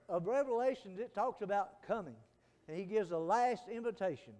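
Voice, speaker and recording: A middle-aged preacher man with a fairly high voice, talking in a folksy way that drops to soft pleading and then rises to loud fervent calls. His sermon rings through a church sanctuary with a long reverb. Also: animated, normal speed.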